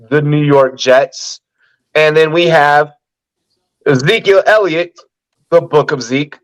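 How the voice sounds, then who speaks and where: A man's voice: fairly high pitch, rough recording. Hyped-up man hosting a sports podcast. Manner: hyped, profane, hype-man announcing. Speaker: podcast host. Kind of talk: casual sports podcast chat.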